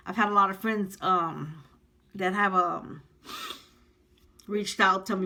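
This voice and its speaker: A heartfelt woman speaks straight to her viewers in a personal vlog. Her voice sits a little low yet sounds bright and forceful, and she rambles with frequent ums. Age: 50s. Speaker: vlogger. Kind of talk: personal vlog talking to camera.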